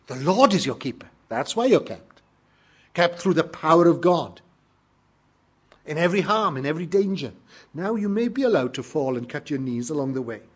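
A British man preaching a sermon with earnest emphasis, reading scripture aloud and explaining it. His voice is husky and sits slightly high for a man. He pushes hard on key lines, now and then rising to a loud peak. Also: sing-song, moderate pace. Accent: British English.

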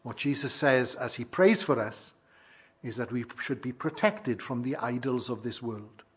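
A man preaching a sermon, measured and emphatic, with rhetorical questions to his listeners. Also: medium pitch, husky.

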